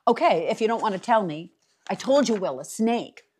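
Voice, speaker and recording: A woman's voice: mid-range voice, expressive, normal speed, darkish tone, slightly rough. A woman reading aloud, voicing a bold, reckless teenage boy who talks in an urgent, pushy way. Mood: insistent.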